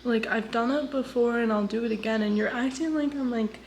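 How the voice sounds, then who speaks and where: A woman's voice: on the high side, a little fast, a little mellow, a little hiss or hum. A young woman talking to her phone camera in a casual vlog, candid and swearing freely as she moves from home to the gym. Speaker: vlogger.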